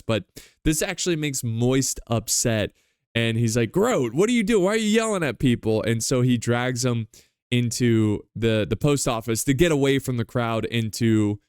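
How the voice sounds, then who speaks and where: A podcast host talks through a book chapter in a loose, chatty way, retelling scenes with enthusiasm. His voice is smooth and clear, and the recording is close and dry. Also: medium pitch, a little mellow, no echo. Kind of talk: casual book-club recap.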